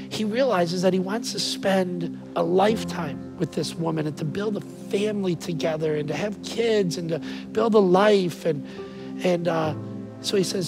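A man preaching a sermon to his congregation, energetic and emphatic, asking them rhetorical questions. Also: high voice. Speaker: pastor. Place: church auditorium.

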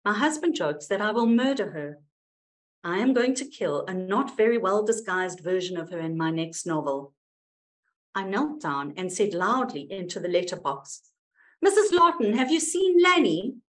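A woman's voice: lowish voice, expressive, moderate pace, lightly acted. Woman voicing a distraught, angry mother. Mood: hurt. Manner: pleading, then raw and furious. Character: distraught mother of a missing boy, raw and angry.

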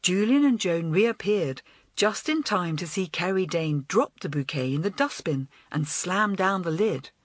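A woman narrating a children's storybook in an expressive, animated way. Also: on the low side, a little slow, no room sound. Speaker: audiobook narrator.

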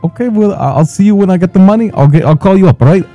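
A man's voice: high-pitched, very fast, warm tone, dull audio, soft background music. A man in a crime-city roleplay, placating and incredulous as he questions a business partner over the phone. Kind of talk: in-character phone negotiation.

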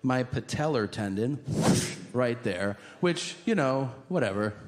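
A man doing stand-up on a comedy stage, telling stories in a wry, self-mocking way with halting fillers. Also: mid-range voice, lively intonation. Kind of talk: stand-up storytelling. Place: comedy stage with live audience. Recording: noisy live stage recording.

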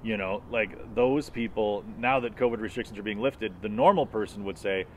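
A man's voice: on the low side, moderate pace, few pauses, a little hiss or hum. A man co-hosting a casual comedy podcast, riffing and swearing, breaking into voices to act out people. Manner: profane, riffing, mimics voices in quotes. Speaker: podcast co-host.

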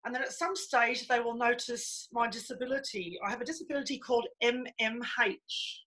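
A woman's voice: fairly high pitch, fairly quick, sharp tone, low-quality recording. A woman doing a brash, bawdy stand-up comedy set over a video call.

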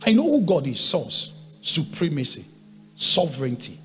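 A man preaching a sermon, swinging from quiet asides to loud shouted points and hammering on repeated rhetorical questions. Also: a little high, wildly swooping pitch, normal speed, faint music behind. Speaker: pastor.

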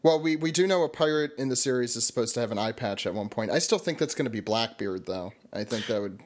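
A man's voice: medium pitch, lively intonation, fast talker. A man hosting a podcast in casual chat, talking loosely with many filler words. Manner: loose, lots of uh fillers, wraps segments up. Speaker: podcast host.

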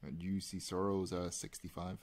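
A man hosting a live card break, calling out pulls and chatting with viewers in a relaxed, rambling way. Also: low voice, moderate pace. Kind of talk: casual live-stream chat while opening cards.

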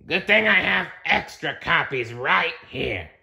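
A man reading a storybook aloud, voicing a strict, menacing female office-manager monster with a slow, pointed delivery. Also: a little high, expressive, gravelly, sharp tone, pitched above the performer's own voice, exaggerated voice. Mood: stern.

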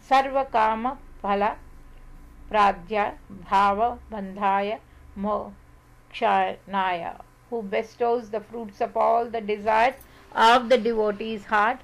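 A woman reading scripture aloud, measured and deliberate, pausing over long lists of sacred syllables. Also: mid-range voice, fairly even intonation, gravelly, poor audio. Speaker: scripture reader. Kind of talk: slow scripted recitation of scripture.

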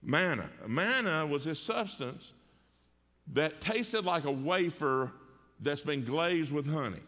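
A man's voice: on the high side, animated, slow pace, pushed and bright, in a large hall. A man with a Southern US accent preaching a sermon as pastor, folksy and conversational, with rhetorical questions and jokes. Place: church sanctuary.

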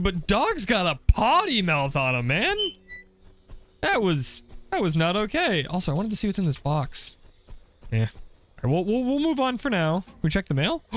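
Young man, playful game commentary, jokey, lively swooping voice. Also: high-pitched. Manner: playful, joking, frequent laughs. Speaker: gaming video creator. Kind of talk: playthrough commentary.

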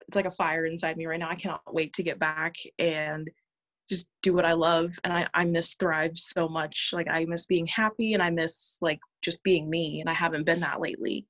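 Nervous woman sharing her story, low voice. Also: a bit bright. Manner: nervous, halting, with frequent laughs and restarts. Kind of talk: personal testimony on a call. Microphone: video call.

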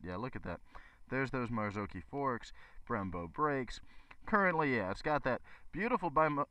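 Chatty, lively man reviewing a motorbike. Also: medium pitch, no echo. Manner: enthusiastic, chatty, talks straight to viewers. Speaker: motorcycle shop owner and reviewer. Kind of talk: casual bike review vlog.

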